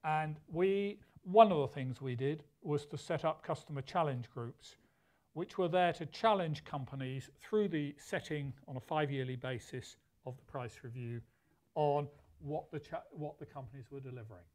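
Measured man giving a conference talk. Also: fairly high pitch, darkish tone. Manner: measured, with frequent restarts and emphasis. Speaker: conference speaker. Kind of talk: formal conference presentation.

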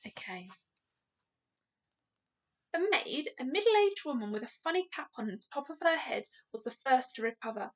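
A woman teacher reading a story aloud to children, pausing to ask the class questions. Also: high voice. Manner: slow, lively, asks the class questions. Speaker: primary school teacher. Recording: dull lo-fi recording.

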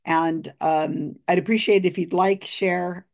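A woman's voice: lowish voice, steady tone, measured pace, darkish tone. A tired woman hosting a casual video commentary, chatty and laughing often between fillers. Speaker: video host reviewing a psychic reading.

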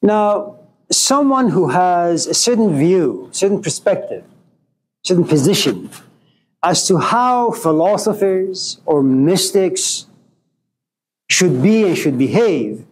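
A man giving a storytelling lecture to a class, wry and joking, in an unhurried way. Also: high-pitched, very animated, a little mellow. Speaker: philosophy lecturer.

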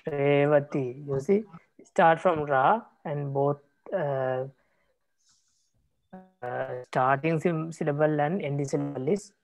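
A male monk leads a language lesson at an unhurried pace, repeating example words so students can hold on to them. His speech is halting and gentle, full of small pauses. The sound is dry and close, with no room echo. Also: a little high, vocal fry. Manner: patient, repeats words, many hesitations. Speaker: Buddhist monk teaching Pali. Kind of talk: classroom teaching.

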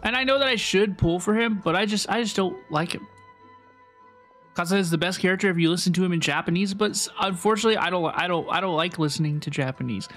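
A man's voice: high-pitched, quick pace, fairly bright tone, soft background music. A young man streaming a game, talking casually to his chat in a rambling, repetitive way. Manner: rambling, chatty, repeats himself. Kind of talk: casual live game commentary.

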